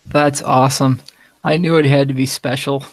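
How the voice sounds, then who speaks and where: A man casually chatting as a player in a tabletop game, easygoing and quick to laugh. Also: mid-range voice, little pitch movement, no room sound.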